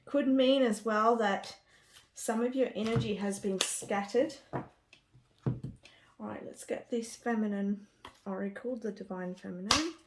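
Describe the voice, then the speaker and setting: A woman's voice: medium pitch, takes it slowly, pauses often, background noise. A woman giving a spiritual card reading to camera. She talks with gushing enthusiasm and often trails off and restarts. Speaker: tarot card reader.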